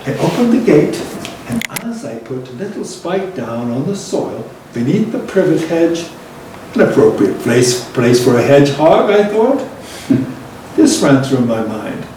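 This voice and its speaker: An older man with a Liverpool accent telling a reminiscence in a slow, reflective way, laughing between lines. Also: fairly high pitch, very animated, warm tone. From England. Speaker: storyteller. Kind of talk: storytelling reminiscence. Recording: roomy and distant with faint noise.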